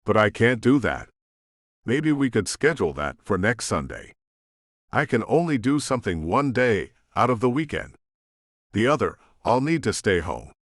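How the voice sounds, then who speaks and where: A man voicing a guarded young woman in an audiobook, in a soft, hesitant tone. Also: on the low side, very animated, moderate pace, dry recording, studio quality. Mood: evasive.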